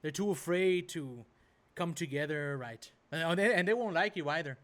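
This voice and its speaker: A man's voice: a little high, moderate pace, fairly bright tone. A man hosting a reaction video, ranting casually in a rambling way and tossing in "right?" and "bro" as he goes.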